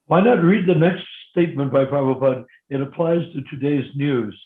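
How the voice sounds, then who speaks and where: Male participant, slightly high voice, on a thin, roomy phone connection. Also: moderate pace. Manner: prompting, suggests what to read next. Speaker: discussion participant. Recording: tinny phone line in an echoey room.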